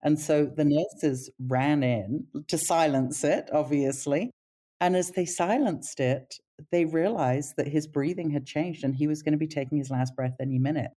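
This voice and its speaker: Low mellow-voiced woman telling stories. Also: moderate pace. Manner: animated pitch when quoting others. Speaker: palliative care nurse. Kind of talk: casual storytelling interview.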